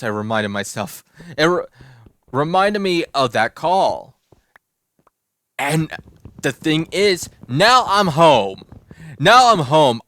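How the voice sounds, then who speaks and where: A man's voice: a little high, a bit bright, clean tone, no room sound. A young man telling a rambling personal story over gameplay, often stopping to correct himself mid-sentence. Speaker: gaming channel host.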